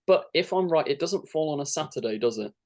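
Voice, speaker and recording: A man's voice: a little high, animated, quick pace, a little mellow. A young man, a guest in a casual fan chat, eager and acting out imagined lines. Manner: enthusiastic, acts out imagined lines.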